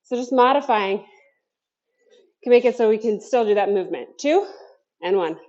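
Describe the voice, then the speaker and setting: A woman's voice: fairly high pitch, animated, normal speed, a little mellow, lo-fi sound. A woman coaching a home workout class, counting down cues and chatting between sets while out of breath. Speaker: fitness instructor. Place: home basement.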